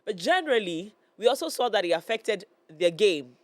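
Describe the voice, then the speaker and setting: A woman's voice: mid-range voice, very animated, normal speed, no room sound. A woman hosting a live studio talk show, her voice nasal and stuffy from a cold, chatty and hesitant with many fillers. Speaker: morning show host. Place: broadcast studio. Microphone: studio microphone.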